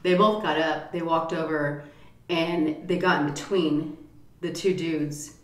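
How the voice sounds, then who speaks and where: Middle-aged woman vlogging a story, lively and swearing, acts out every quote, echoey room. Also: low voice, slow. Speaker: mukbang vlogger. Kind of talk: storytime chat.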